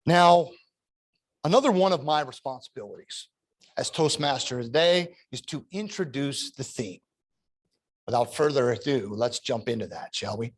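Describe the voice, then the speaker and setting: A man's voice: mid-range voice, normal speed. A man in his thirties, the toastmaster of a club meeting, telling a personal story in a prepared speech with rhetorical questions.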